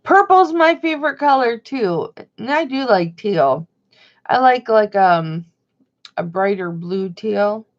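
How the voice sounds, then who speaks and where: Slow and expressive, a middle-aged woman with a medium-pitched voice reads out viewer comments during her relaxed livestream chat. The audio is dull and lo-fi.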